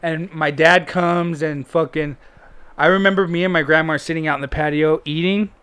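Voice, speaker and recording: A man's voice: a little high, steady tone, moderate pace, a bit bright, smooth. A man casually telling a personal story as a guest, blunt and full of swearing and "like" fillers. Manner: candid, heavy swearing, frequent "like" fillers.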